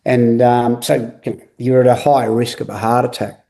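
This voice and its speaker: A middle-aged man gives a candid interview about his own life. His voice is mellow and dark, earnest and a little halting, with words often repeated. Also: medium pitch, little pitch movement, creaky. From Australia. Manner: earnest, repetitive, halting restarts. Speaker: guest.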